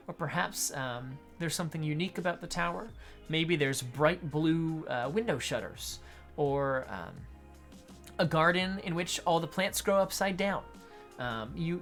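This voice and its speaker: A man acting as a game master, explaining adventure design in an unhurried tutorial talk while thinking aloud. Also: fairly high pitch, a bit bright.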